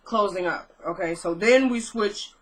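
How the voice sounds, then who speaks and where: A woman's voice: medium pitch, a little slow, rough recording. A woman casually recapping a TV episode, chatty and full of fillers. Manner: chatty retelling, filler-heavy, laughs at own asides. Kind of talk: casual chat.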